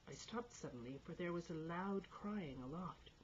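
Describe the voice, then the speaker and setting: A woman's voice: lowish voice, lively intonation, moderate pace, few pauses, lo-fi sound, slight background noise. A woman reading a novel aloud as an amateur audiobook, with small stumbles and restarts. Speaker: audiobook reader.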